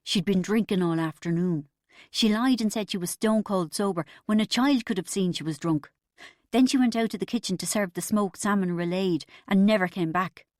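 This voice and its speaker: A woman's voice: medium pitch, normal speed, no room sound, studio quality, close to an everyday voice. A woman voicing a bitter, boastful middle-aged husband in an audiobook, pompous and aggrieved. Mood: indignant.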